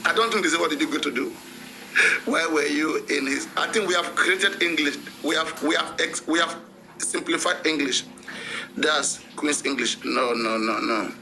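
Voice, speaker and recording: A man's voice: on the high side, normal speed, pushed and bright, slight background noise, rough recording. A man with a Nigerian accent hosting a gossip show, chatting casually and mixing Pidgin into his English. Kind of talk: casual commentary.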